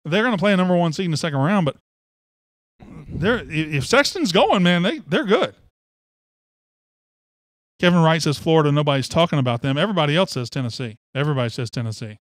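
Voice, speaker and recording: A man's voice: a little high, lively intonation, fairly quick, long pauses, dry recording, studio quality. A man hosting sports talk radio, fired up and opinionated, rambling from one take to the next.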